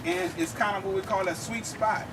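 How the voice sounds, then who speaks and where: High-voiced man teaching drums from afar. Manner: explains to a crowd, checks in with "okay?". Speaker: drum instructor. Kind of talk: lecture-demonstration. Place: outdoor campus event. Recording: distant mic, clear outdoor noise.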